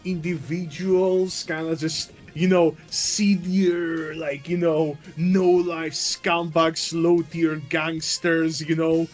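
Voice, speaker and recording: Slow-talking high-voiced game master man. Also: little pitch movement, faint music behind. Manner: casual, hesitant, profane, laughing often. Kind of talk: narrating a tabletop game.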